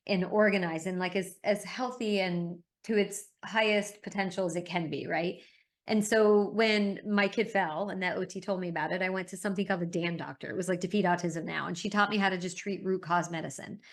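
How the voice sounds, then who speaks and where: A middle-aged woman talking as a guest in an interview, telling stories in an emphatic, animated way. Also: on the low side. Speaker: interview guest, parent advocate. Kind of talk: conversational interview.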